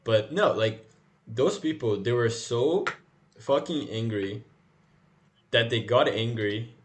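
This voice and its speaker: A man's voice: mid-range voice, slow pace, a little hiss or hum. A man chatting casually as a podcast co-host, rambling, swearing and laughing as he talks. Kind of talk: casual chat.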